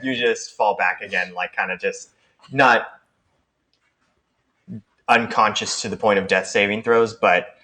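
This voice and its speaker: A man's voice: fairly low pitch, fairly even intonation, a little slow, pauses often, bright, forceful tone. A man narrating a tabletop game as game master, loose and rambling with many restarts.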